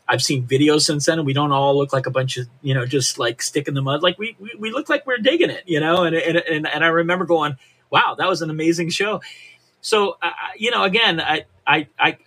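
A man's voice: a little high, a bit bright, breathy edge. An older man from Reno, a punk musician guest, talking casually in a podcast interview with many restarts and "you know"s. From Reno, Nevada, USA.

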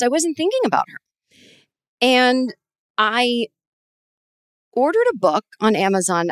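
A woman in her forties hosting a podcast, telling a long personal story in a rambling, animated way with many restarts. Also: medium pitch, no room sound, studio quality. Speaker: podcast host. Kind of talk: conversational interview.

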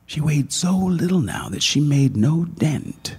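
A man narrating a literary short story in a hushed, dramatic manner. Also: fairly high pitch, lively intonation, measured pace, breathy edge.

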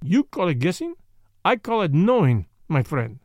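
Audiobook role: a pompous, solemn male detective, put on by a man reading, lively and sing-song, in a dry booth. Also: fairly high pitch, dry recording. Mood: grave. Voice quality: pompous, deliberate. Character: grave self-assured male Belgian detective, middle-aged.

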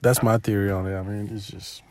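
A man's voice: on the low side, fairly even intonation, brisk, a little mellow, no room sound. A young adult man, a DJ co-hosting a podcast, chatting casually, giving blunt, gloomy takes and laughing easily. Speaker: DJ and podcast co-host.

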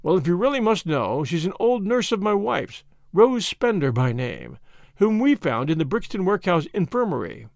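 A big, oily swindler in an audiobook, his voice pitched high and swinging widely between soothing and sneering, as a male reader puts him on. The sound is close and dry. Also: big pitch swings, moderate pace, gravelly, no room sound, exaggerated voice. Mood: jeering. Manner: oily, mocking. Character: burly unctuous swindler, smooth then sneering.

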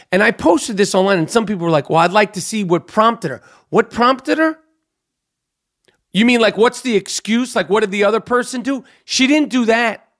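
Ranting, stammering podcast host. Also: medium pitch. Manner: ranting, profane, repetitive, stammering restarts. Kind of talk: angry monologue commentary.

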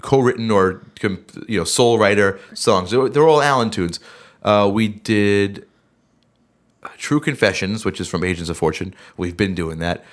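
A man's voice: fairly low pitch, normal speed. A middle-aged man hosting a casual podcast, rambling and interrupting himself as he tells band stories, a little worn from being sick. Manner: rambling, self-interrupting storyteller. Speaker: band member and podcast host. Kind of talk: casual chat.

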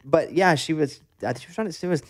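A man hosting a casual interview, telling stories fast and animatedly, acting out quoted voices. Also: on the high side. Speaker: radio host.

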